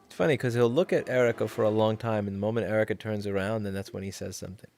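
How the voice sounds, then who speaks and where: A man's voice: fairly low pitch, quick pace, gravelly, a little mellow. A man chatting casually on a livestream in a rambling way, reading chat and cooing at his cat.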